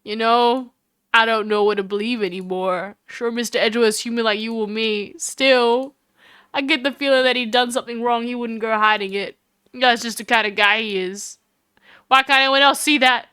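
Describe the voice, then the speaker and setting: A woman reading the lines of a gruff, loyal male police detective in a slightly lowered voice. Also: fairly even intonation, normal speed, sharp tone, dry recording, studio quality. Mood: earnest.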